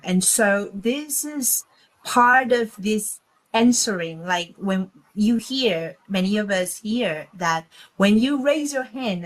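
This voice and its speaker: A woman, a guest channeler, giving spiritual talk slowly and haltingly, speaking as a collective "we". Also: mid-range voice, low-quality recording.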